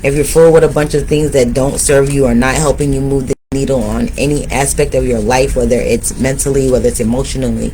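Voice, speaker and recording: A man's voice: mid-range voice, fairly even intonation, fairly quick, few pauses, mellow, slight background noise, low-quality recording. A man giving a tarot reading, speaking straight to his viewers and urging them on. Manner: motivational, addresses viewers directly. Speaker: tarot reader.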